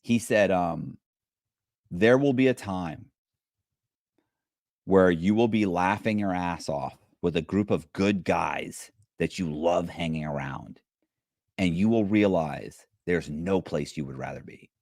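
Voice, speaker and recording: Low-voiced man telling stories, swears freely. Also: slow pace, gravelly, no room sound, clean studio sound. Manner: profane, animated, acts out the voices of other inmates when quoting them. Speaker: guest. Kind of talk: casual storytelling on a podcast.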